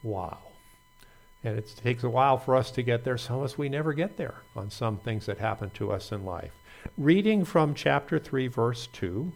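A man's voice: mid-range voice, animated, moderate pace, vocal fry. Man preaching an earnest sermon. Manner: earnest, reads scripture aloud with small slips.

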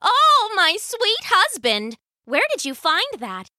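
Eager old farm wife from a storybook, high and exclaiming, as a woman voices her; bright, dry. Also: huge pitch swings, slow, no room sound, exaggerated voice. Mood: amazed. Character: excited old farmer wife, bustling and eager.

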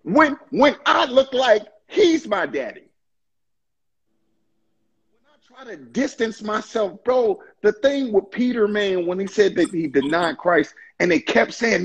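Impassioned, husky, high-voiced man. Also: expressive, measured pace, dull audio. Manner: impassioned, preachy, stammering restarts. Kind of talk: casual faith discussion.

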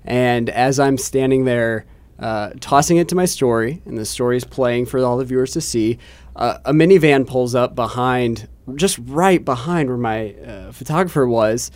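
A man's voice: mid-range voice, normal speed, darkish tone. A man, a TV news reporter, chatting casually and telling a self-deprecating story with many restarts. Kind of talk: casual chat, telling an anecdote.

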